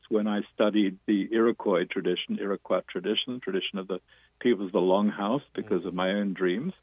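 Man, New York accent, low-pitched, husky, fast and fervent, tinny phone line, dry. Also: dry recording. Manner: fast, fervent, with frequent restarts. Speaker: author and dream teacher. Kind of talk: interview guest, passionate explanation.

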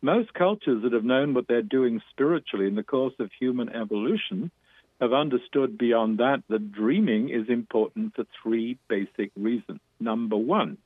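Fast, fervent man with a New York accent on a phone line. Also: mid-range voice, husky, no room sound. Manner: fast, fervent, with frequent restarts. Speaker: author and dream teacher. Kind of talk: interview guest, passionate explanation.

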